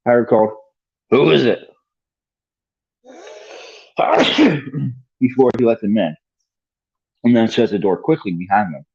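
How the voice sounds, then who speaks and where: A man's voice: medium pitch, darkish tone, highs cut off. Man reading aloud on a livestream. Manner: casual, chats with stream viewers between passages. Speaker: streamer reading a book aloud.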